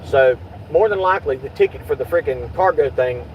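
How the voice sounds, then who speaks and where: A middle-aged man talks agitatedly and swears while chatting in a vehicle, loudly acting out what others said. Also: mid-range voice, brisk, highs cut off, a little hiss or hum. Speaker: YouTube channel host. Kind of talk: casual vlog chat in a car.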